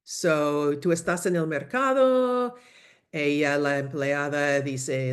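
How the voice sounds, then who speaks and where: A woman teaching a lively online language lesson, coaching students through phrases over a video call. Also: low-pitched, slow. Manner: lively, coaching, switches between English and Spanish phrases. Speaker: Spanish teacher.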